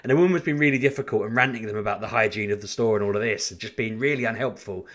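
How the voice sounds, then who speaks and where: A man telling a story in a casual vlog, in an animated, chatty way with frequent restarts. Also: fairly low pitch, very fast. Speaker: vlogger.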